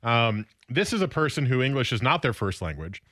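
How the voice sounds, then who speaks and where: Animated, bright-voiced radio co-host. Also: male voice, medium pitch, brisk, no room sound. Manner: reads a garbled story aloud with dry amusement. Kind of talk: casual radio banter.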